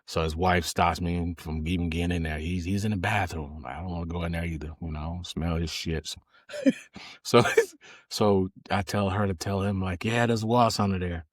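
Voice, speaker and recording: A man's voice: deep voice, normal speed, no room sound, studio quality. A man from Georgia with a Southern accent, telling a funny story in a casual, folksy way, laughing and cussing freely. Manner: animated, laughing, profane, folksy. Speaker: storyteller, podcast host.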